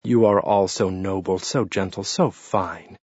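A man's voice: low-pitched, unhurried, a little mellow, no echo. A sneering, defiant peasant killer, as a male narrator puts him on. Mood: contemptuous defiance. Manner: contemptuous, leering, defiant taunts. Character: defiant bound peasant assassin man, sneering and blasphemous. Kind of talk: audiobook narration. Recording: dull lo-fi dry read.

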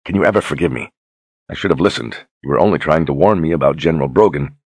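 A man's voice: rumbling low, fast talker, darkish tone, slightly rough, no room sound. A man voicing an earnest, humble young lord in an audiobook, apologetic and plain-spoken.

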